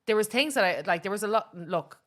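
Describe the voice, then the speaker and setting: A woman's voice: medium pitch, expressive, fairly quick, fairly bright tone. An Irish woman co-hosting a podcast in casual chat, rambling along with lots of fillers and restarts. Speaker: podcast co-host.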